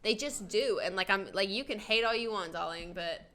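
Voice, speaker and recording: A woman's voice: medium pitch, a little fast, sharp tone. A young woman with an Australian accent, chatting as a podcast guest and telling stories full of fillers. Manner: chatty storyteller, filler-heavy. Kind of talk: casual chat.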